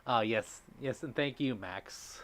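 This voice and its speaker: A man at mid pitch talks heartfelt and rambling into a streaming microphone, filling pauses with "you know" and "um". He greets viewers by name and reads their chat messages aloud in a casual live stream chat. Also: fairly bright tone. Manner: heartfelt, rambling with many fillers. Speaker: livestream host.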